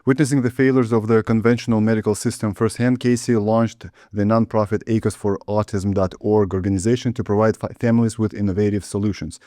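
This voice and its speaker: A calm podcast host in his thirties with a fairly low, mellow voice. He reads an introduction, then keeps his prompts short. The sound is dry and close to the mic. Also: fairly quick, few pauses, no echo. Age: 30s. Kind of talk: interview hosting.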